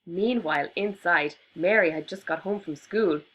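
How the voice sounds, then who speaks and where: A woman reading a picture book aloud to children in an expressive storyteller voice. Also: fairly low pitch, rough recording. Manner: expressive, slow and deliberate.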